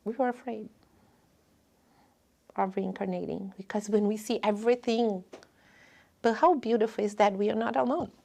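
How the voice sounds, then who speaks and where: A woman giving a spiritual lecture in earnest, non-native English, often dropping to a hush. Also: mid-range voice, moderate pace, creaky, long pauses.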